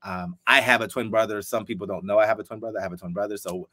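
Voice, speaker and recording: A man in his fifties from Ohio with a lowish, bright, forceful voice. He tells animated stories in a casual interview and acts out each line of dialogue. The sound is dry and close. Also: rapid-fire, no room sound. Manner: animated storyteller who acts out quoted dialogue. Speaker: guest, former football player.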